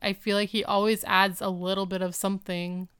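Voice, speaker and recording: Woman with a very clear voice, chatty. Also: medium pitch, flat delivery, fairly bright tone, no room sound, studio quality. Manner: chatty, agreeable, quick asides and wry jokes. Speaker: podcast co-host. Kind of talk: casual chat recapping TV episodes.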